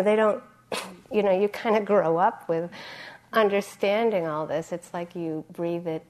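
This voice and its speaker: During a dharma talk, a woman meditation teacher speaks in a relaxed, conversational manner, pausing with fillers and frequently clearing her throat. Her voice is lowish and a little mellow.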